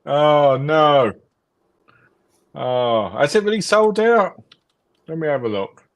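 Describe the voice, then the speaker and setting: Guy with a kinda high voice co-hosting a stream, reacting, muttering as he looks stuff up. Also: lively intonation, slow. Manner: reactive, thinking aloud while searching. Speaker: co-host of a film collecting livestream. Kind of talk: casual live chat.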